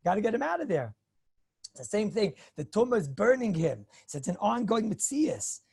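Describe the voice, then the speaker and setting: Male rabbi lecturer: husky, lively teaching style, clears his throat often, dry close sound. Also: sits high, normal speed, dry recording. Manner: animated, acts out hypothetical dialogues; chuckles, frequent throat-clearing. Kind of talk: Torah lecture.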